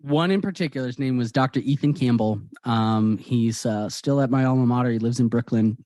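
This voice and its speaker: A man, a guest author, telling personal stories in a lively conversational way and acting out the dialogue. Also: medium pitch, brisk, no room sound, clean studio sound. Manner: animated, acts out quoted dialogue. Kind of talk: conversational storytelling.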